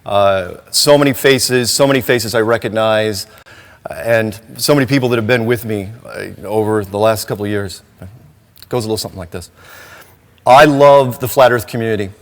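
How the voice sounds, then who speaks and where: A man's voice: lowish voice, normal speed. Man addressing a conference hall. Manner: emotional, warm to the crowd, with laughs and restarts. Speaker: conference speaker. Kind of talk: speaking to a live audience. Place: large conference room.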